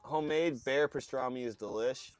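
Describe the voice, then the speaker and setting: A man from Alaska hosts a casual phone livestream on a fishing boat, narrating a story to his chat and imitating family members. The voice is medium-pitched at a moderate pace, with no room sound.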